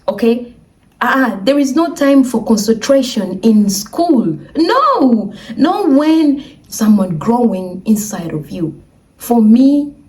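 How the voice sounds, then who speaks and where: A woman's voice: mid-range voice, distant mic. A young woman telling a personal story in a casual vlog, acting out the voices of the people in it. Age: young adult. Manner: animated, acts out quoted voices.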